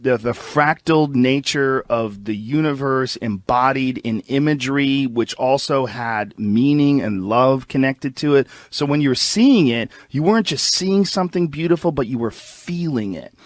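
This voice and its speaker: A man tells his stories in a loose, rambling way, leaning on "like" as he searches for words. His voice sits at an ordinary middle pitch. The sound is dry and close, with no room around it. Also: moderate pace, few pauses, no echo. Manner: rambling, many "like" fillers. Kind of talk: casual recounting of experiences.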